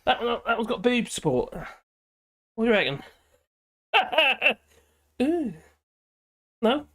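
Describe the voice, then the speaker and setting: A hoarse man hosting a live stream, chatting in a rambling, cheeky way and giggling often. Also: very high voice, big pitch swings, slow, sharp tone. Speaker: livestream host. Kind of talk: casual live-stream chat. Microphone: headphones with a small speaker.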